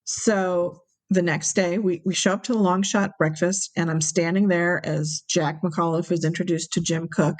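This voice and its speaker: A woman telling a story as an interview guest, animated and acting out the people she quotes. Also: on the low side, moderate pace, hardly any pauses. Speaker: interview guest, brewery owner.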